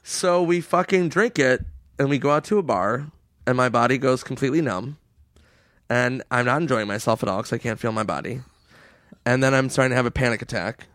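A man in casual podcast chat, telling road stories with frequent laughs and swearing, jumping into a high goofy voice for quoted people. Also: fairly quick, a bit bright, no room sound, clean studio sound. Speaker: podcast guest.

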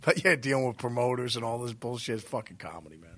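A man's voice: medium pitch, animated, fast, a bit bright. A man in casual interview chat, rambling and swearing freely, laughing as he tells stories. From New Jersey. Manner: rambling, profane, laughs often. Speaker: guest musician.

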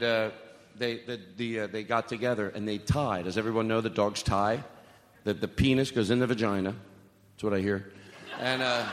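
A man's voice: mid-range voice, background noise. A man doing a live stand-up set, rambling, swearing and joking with the crowd in a self-mocking way. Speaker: stand-up comedian. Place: comedy club stage. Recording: echoey hall with long reverb.

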